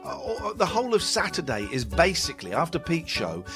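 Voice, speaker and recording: A man hosts a loose, casual radio show, rambling and poking fun at himself. His pitch leaps about wildly as he talks, sitting a little above the usual male range. Faint music plays behind him. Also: wildly swooping pitch, fairly quick. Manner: rambling, self-mocking, restless. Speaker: radio host.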